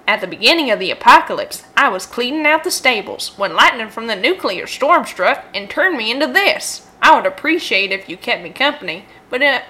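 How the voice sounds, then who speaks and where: Give me a woman playing a sweet Southern poo monster, kind and bashful, bright and a little high. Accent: Southern US, put on. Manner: sweet, polite, soft-spoken. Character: sweet female poo monster, gentle and lonely.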